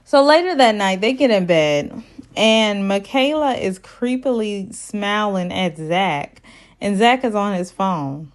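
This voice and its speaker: A woman hosts a casual recap vlog at a middle pitch. She is blunt and opinionated. She talks in a chatty, conversational way. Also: expressive, slow. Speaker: reality TV recap host.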